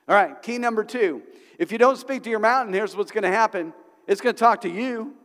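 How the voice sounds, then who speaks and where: A middle-aged man preaches in a church sanctuary, his fairly high voice ringing with a long hall reverb. He tells stories in a loose, conversational way, then drives his points home with animated emphasis. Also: fairly quick. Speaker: pastor. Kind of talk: sermon.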